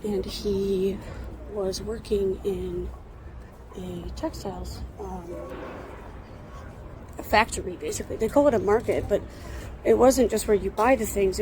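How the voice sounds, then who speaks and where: A woman in her thirties casually vlogging while walking, talking in an earnest, rambling way with frequent pauses. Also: mid-range voice, a crowd in the background, rough recording. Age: 30s. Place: outdoors on a city street with construction nearby. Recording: traffic and construction noise behind.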